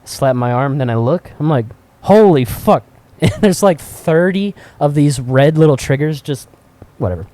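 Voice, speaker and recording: A man co-hosting a podcast, telling profane, animated anecdotes with frequent laughter in casual chat. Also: a little high, moderate pace, no echo. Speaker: podcast co-host. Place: cigar shop.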